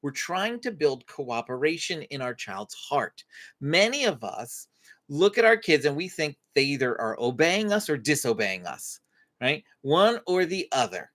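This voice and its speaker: A man's voice: fairly high pitch, unhurried. A man hosting a live-stream parenting Q&A, teaching with faith-based advice and acting out parent and child lines. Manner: animated, acts out parent and child lines in dialogue. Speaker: parenting coach and host.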